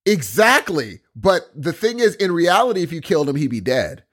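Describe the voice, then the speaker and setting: Husky laid-back man. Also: on the high side, very animated, normal speed, fairly bright tone. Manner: laid-back, joking, trails off mid-sentence. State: foggy, a bit under the weather. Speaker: podcast co-host. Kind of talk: casual chat.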